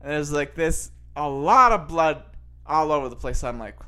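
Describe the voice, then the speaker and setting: A man's voice: fairly high pitch, animated, normal speed, pushed and bright, smooth. A young man hosting a podcast, telling a rambling, self-mocking story in a casual monologue full of fillers and restarts. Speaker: podcast host.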